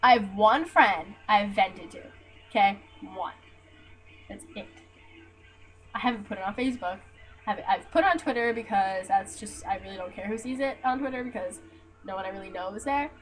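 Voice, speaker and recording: A young woman venting to her camera in a blunt, profane, animated way, telling a story to her viewers. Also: medium pitch, moderate pace, faint music behind, poor audio. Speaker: vlogger.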